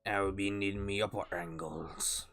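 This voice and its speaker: A male streamer voicing a gruff, boisterous pirate captain while playing a game, with faint music behind. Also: sits low, steady tone, normal speed. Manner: growly pirate talk with shouted "yar" calls. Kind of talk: live gameplay stream.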